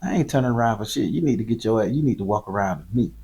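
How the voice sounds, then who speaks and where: A man's voice: fairly low pitch, animated, rapid-fire, creaky, warm tone, breathy edge, soft background music, full character voice. A man quoting a sassy young club woman. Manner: sassy and dismissive.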